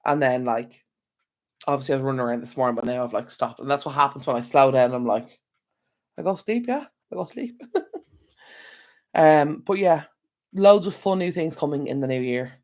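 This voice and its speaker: A man's voice: medium pitch, brisk, darkish tone. A man with an Irish accent hosting a casual live stream from home, tired and yawning, rambling and talking straight to his viewers through an external microphone. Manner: rambling, chatty, talks to viewers directly. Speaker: channel host.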